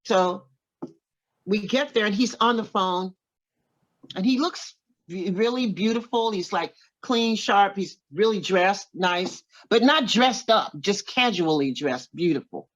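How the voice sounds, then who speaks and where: A woman in her seventies from Oklahoma, a singer and interview guest, telling a story in an animated way and acting out other people's lines. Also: mid-range voice, a little slow, poor audio. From Oklahoma, USA.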